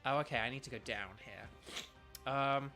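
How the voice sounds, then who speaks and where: A man's voice: mid-range voice, a little slow, bright, forceful tone, soft background music. A young British man chatting casually while streaming a video game, rambling with lots of ums and restarts. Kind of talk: casual live-stream chat.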